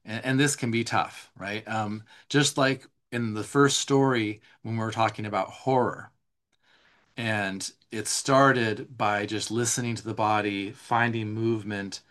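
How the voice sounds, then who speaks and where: A man's voice: on the low side, steady tone, unhurried, fairly bright tone. A man teaching a live online workshop in a loose, conversational way, talking a worksheet through line by line with frequent fillers and restarts.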